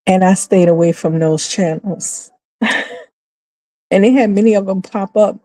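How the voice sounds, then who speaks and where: Woman host, middle-aged, unhurried talk, warm low tone, dry close sound, animated story-telling. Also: no room sound, low-quality recording. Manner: animated storytelling, acts out quotes with high squeals and laughs. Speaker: channel host. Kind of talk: casual commentary.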